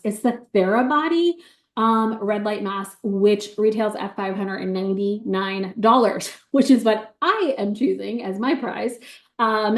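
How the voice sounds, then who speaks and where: A woman giving an excited, bubbly sales pitch on a video call, talking fast with many ums. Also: echoey room.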